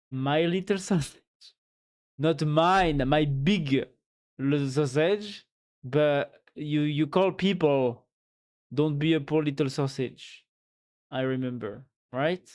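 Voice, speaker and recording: A man's voice: medium pitch, a little mellow. A man with a French accent chatting casually and joking while he codes on a live stream. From France. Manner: joking, musing aloud, full of restarts.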